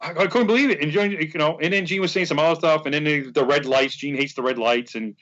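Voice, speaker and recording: A man's voice: on the high side, fast talker, few pauses, fairly bright tone, highs cut off. A man chatting as a podcast guest, rambling through a story and acting out the quotes. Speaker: guest, superfan. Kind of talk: casual podcast chat.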